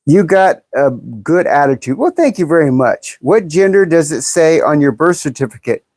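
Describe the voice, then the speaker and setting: A woman's voice: sits low, animated, normal speed, a little mellow, no room sound. A woman in her fifties chatting bluntly and jokingly on a livestream, reading viewer comments aloud and laughing often. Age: 50s. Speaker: livestream host. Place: in California.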